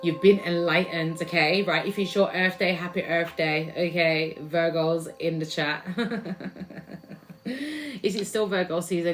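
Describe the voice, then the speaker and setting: A woman's voice: fairly low pitch, a little slow. Chatty woman giving a reading. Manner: chatty, slangy, swings between loud and hushed. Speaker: tarot reader. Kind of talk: spiritual reading to viewers.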